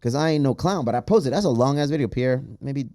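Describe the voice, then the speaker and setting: Playful loud man with a lively voice. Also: medium pitch, fairly quick. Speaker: podcast host. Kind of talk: casual chat, reading patron names.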